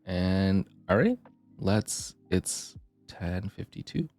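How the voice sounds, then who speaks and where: A male streamer chatting casually and rambling with his viewers, his voice deep and gravelly from the morning, keyboard clicks on a desk mic. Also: sing-song, takes it slowly, darkish tone, soft background music. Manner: rambling, chatty, self-deprecating. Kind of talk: casual live-stream chat. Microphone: desk mic, keyboard clicks audible.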